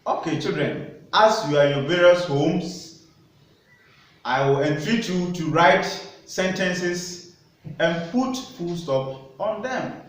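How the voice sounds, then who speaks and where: A man with a high voice teaches young children at an unhurried pace, spelling each point out and asking questions. He sounds far from the microphone in a very echoey classroom. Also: animated. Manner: slow, deliberate teacher talk with questions to children. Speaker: primary school teacher. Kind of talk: recorded classroom lesson. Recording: echoey room, voice from a distance.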